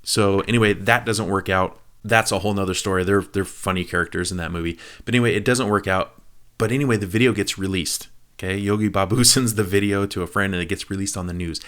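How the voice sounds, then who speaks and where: A male movie-review vlogger with a low voice casually recaps a film's plot in an animated, chatty way. He tells it like a story, tosses quick asides to the viewer, and acts out the lines he quotes.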